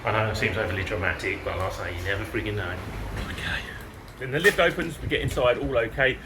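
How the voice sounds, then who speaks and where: A middle-aged man, a vlogger recounting a story to camera in an excitable, chatty way, swearing mildly and chuckling. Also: fairly low pitch, quick pace, very noisy.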